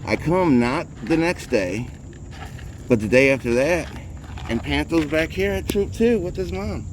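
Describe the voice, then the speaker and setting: A man's voice: on the high side, expressive, unhurried, slight background noise. A man chatting casually and rambling as he films street cats outdoors on a handheld phone, a bit out of breath. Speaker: vlogger caring for street cats. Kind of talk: casual vlog narration.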